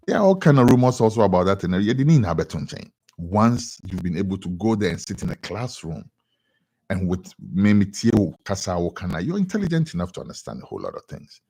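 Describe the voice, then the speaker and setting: A young Ghanaian man with a Ghanaian accent giving an animated editorial commentary on radio, often repeating words for emphasis. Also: low voice, slightly rough.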